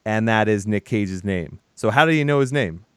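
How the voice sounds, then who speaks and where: A man's voice: on the low side, animated, normal speed, fairly bright tone, smooth, no room sound, studio quality. A man recapping a film in casual chat, animatedly acting out the characters' lines. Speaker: podcast co-host.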